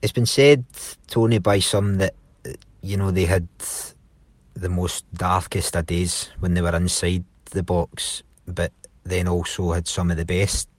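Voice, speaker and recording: Deep-voiced interviewer. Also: male voice, little pitch movement, no room sound. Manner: slow, measured questioning. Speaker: podcast host, interviewer. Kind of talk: interview questions.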